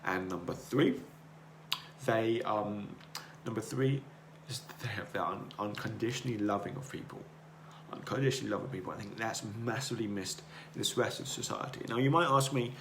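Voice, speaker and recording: A man with a lowish voice talks earnestly and circles back over his own words in a rambling motivational monologue. The room around him is echoey, and a faint hiss sits under the voice. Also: a little fast, fairly bright tone. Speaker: podcast host. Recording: roomy echo, faint noise.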